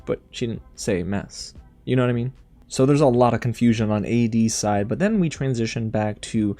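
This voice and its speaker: A man hosting a casual recap and review, animated and sassy, talking straight to his viewers. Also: medium pitch, normal speed, faint music behind. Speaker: TV show recap host.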